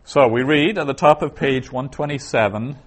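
A middle-aged man teaching a class, explaining slowly and patiently with pauses and fillers. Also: mid-range voice. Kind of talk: classroom lecture.

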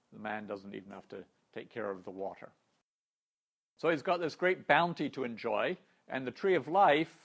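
Male Bible teacher, mid-pitched, gravelly edge, measured and explanatory. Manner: measured, reads Scripture aloud and explains it. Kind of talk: Bible study lesson.

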